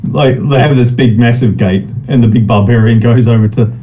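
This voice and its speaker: A man's voice: medium pitch, brisk, muffled recording. A man hosting a casual live chat show, retelling funny scenes in a rambling way and laughing often. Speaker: podcast host.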